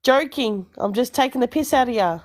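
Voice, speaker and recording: Playful high-voiced Australian woman. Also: expressive, brisk, darkish tone. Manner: playful, teasing, laughs often. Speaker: live stream co-host. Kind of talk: casual live-stream chat.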